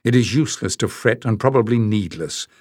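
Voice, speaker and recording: A man reading a storybook voicing a tactful, secretive young man who speaks softly and reflectively. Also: fairly low pitch, lively intonation, brisk, no room sound, clean studio sound. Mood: brooding. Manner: soft, reflective.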